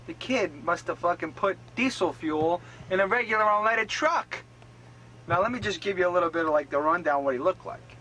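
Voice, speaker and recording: A man's voice: a little high, pushed and bright, a little hiss or hum, low-quality recording. A man from a band's road crew, sitting on a tour bus and telling a laughing, profane anecdote to the camera. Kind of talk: casual storytelling to camera.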